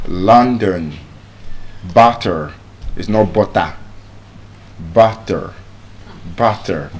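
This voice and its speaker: A middle-aged man with a Nigerian accent teaching English pronunciation, repeating each word slowly to demonstrate the sounds. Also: fairly low pitch. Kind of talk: spoken English lesson.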